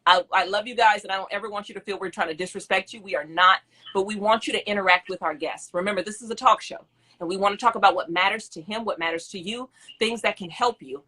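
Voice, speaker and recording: A woman's voice: medium pitch, fast talker, sharp tone, breathy edge. A woman from Mississippi, co-hosting a casual live-stream talk show from her home, chatty and laughing often as she reads out viewer comments. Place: home in the country.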